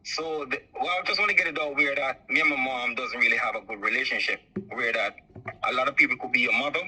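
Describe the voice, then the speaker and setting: This caller is a Jamaican man, his accent worn down by years living abroad, rambling through a long personal story and saying "so forth like that" again and again. His mid-range voice is fast, sharp and slightly rough. The phone line sounds muffled.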